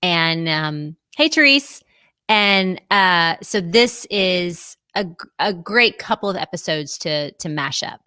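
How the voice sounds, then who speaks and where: A woman's voice: lowish voice, animated, slow, sharp tone, clear, resonant tone, no room sound, studio quality. A woman hosting a casual live-streamed chat, bubbly and chatty and laughing often, on a video call. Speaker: host.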